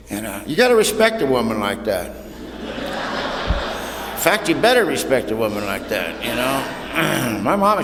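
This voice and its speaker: This Southern California man stands at a podium before an audience at a recovery meeting, telling his personal story with humor. His slang is casual and southern-tinged, full of "ain't" and "y'all," and he drops quiet and low for painful moments, all in an echoey hall with faint room noise.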